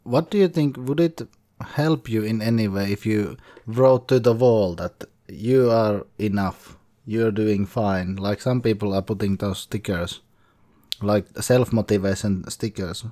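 A man hosting a podcast interview, offering short acknowledgements and asking gentle probing questions. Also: on the low side, unhurried. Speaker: podcast host. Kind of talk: casual interview.

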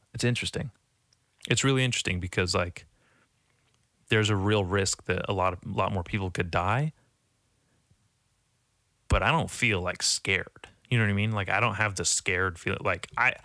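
A young man talking casually to the camera in a rambling, profane, self-mocking way, jumping from topic to topic and now and then mocking panicked voices in a high squeak. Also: bright, forceful tone, no room sound, studio quality. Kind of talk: casual vlog monologue.

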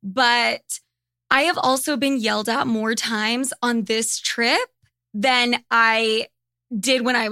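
Bright, blunt woman podcaster. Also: a little high, no echo, studio quality. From United States. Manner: blunt, profane and candid. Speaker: podcast host. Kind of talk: casual monologue.

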